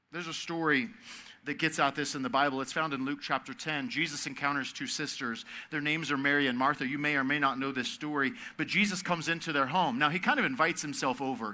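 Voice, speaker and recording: A man giving a sermon at a youth camp. He talks in a conversational way and swings from loud, emphatic stretches to soft, hushed ones. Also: fairly high pitch. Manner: conversational, asks the audience to repeat words.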